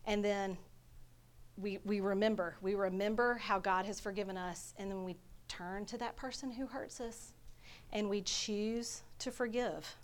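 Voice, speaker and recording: Earnest woman giving a heartfelt talk. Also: medium pitch. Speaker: Bible study teacher. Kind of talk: conversational sermon.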